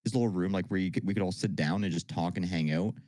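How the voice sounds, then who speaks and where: Laid-back low-voiced young man. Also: fast talker, warm tone, no room sound. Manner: laid-back storyteller, lots of fillers. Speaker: podcast co-host. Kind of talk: casual chat.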